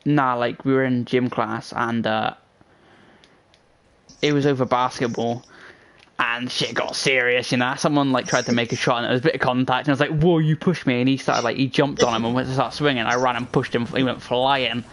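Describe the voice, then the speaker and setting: Young man, casual, sweary, storytelling, mid pitch. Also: fairly even intonation, a little fast, a bit bright. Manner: swearing storyteller, laughs often. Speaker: gaming channel host. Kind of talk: casual chat with a friend.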